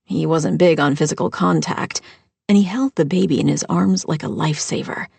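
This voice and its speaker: A woman with a husky, gravelly voice narrating a first-person audiobook in a measured way. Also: low-pitched, darkish tone, no echo.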